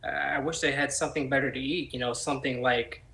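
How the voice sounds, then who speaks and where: A man's voice: medium pitch, steady tone, quick pace, creaky, sharp tone. A man improvising a snobbish, complaining airplane passenger. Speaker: improv performer. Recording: roomy echo.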